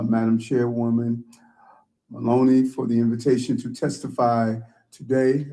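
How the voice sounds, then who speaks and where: A man, a city mayor, giving formal prepared testimony before a committee in a measured way. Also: mid-range voice, dark tone, poor audio.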